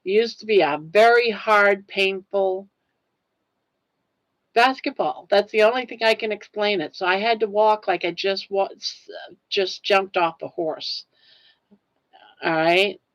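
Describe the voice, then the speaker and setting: A woman's voice: medium pitch, takes it slowly, pauses often, fairly bright tone, poor audio. An older woman hosting a casual livestream chat, tearful and earnest as she talks straight to her viewers. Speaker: livestream host.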